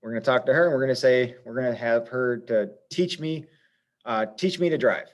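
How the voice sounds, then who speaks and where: A man at middle pitch explains a lesson one step at a time, patient and methodical. He thinks aloud with small pauses while he writes out examples. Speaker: Spanish teacher.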